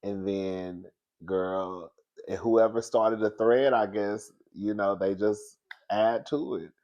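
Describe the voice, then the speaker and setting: Man, sassy gossip host, animated, frequent laughter. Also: fairly low pitch, takes it slowly, muffled recording. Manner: animated, sassy, laughs often, calls listeners girl and baby. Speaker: commentary show host. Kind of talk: casual gossip commentary.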